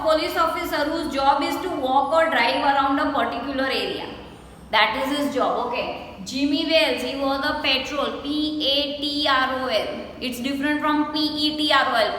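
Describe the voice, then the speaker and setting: A woman teacher with an Indian English accent and a high, bright voice works through a lesson patiently. She spells words letter by letter and stretches out each syllable. The sound is very echoey, with a long reverb and a faint hiss. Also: moderate pace. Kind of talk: recorded classroom lesson. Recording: echoey room with faint noise.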